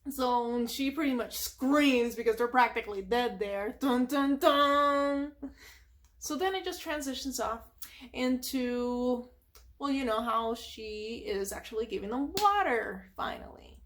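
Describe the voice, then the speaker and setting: A woman with a high voice retelling a cartoon episode from memory for an ASMR channel. She chats along with plenty of asides and fillers. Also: a little slow. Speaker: ASMR storyteller.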